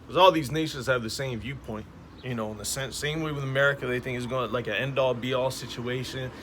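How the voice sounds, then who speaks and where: A man's voice: mid-range voice, fairly even intonation, brisk. A man street preaching in a slangy, emphatic way, peppering his talk with "man, all right?" outdoors beside passing traffic.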